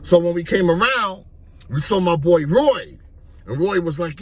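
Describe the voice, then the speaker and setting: A man from Harlem, telling street stories in an animated way and acting out the voices. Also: high-pitched, unhurried. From Harlem, New York. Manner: animated, acts out voices, repeats "you know what I mean". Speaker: storyteller. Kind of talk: street storytelling vlog.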